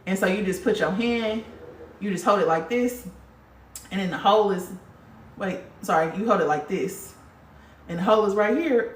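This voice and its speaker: A woman's voice: medium pitch, moderate pace, pauses often, a little hiss or hum. Woman vlogger talking straight to camera, blunt and cussing, roomy echo, mic kinda far. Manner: blunt, profane, emphatic. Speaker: spiritual vlogger. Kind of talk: casual monologue to viewers.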